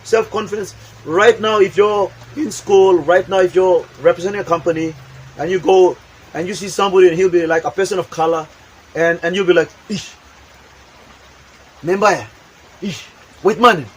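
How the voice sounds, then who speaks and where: A man's voice: sits high, steady tone, a little fast, a little hiss or hum, low-quality recording. A man giving a motivational talk, emphatic and repetitive, acting out examples as he goes. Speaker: motivational speaker. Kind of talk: motivational talk with acted demonstrations.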